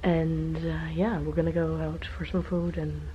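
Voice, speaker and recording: A woman in her twenties with a hoarse, worn-out voice, chatting casually and rambling to the camera in a vlog. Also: low voice, flat delivery, moderate pace. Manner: chatty, rambling, tired, giggly. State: hoarse, voice nearly gone. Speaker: vlogger. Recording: muffled camera audio with background noise.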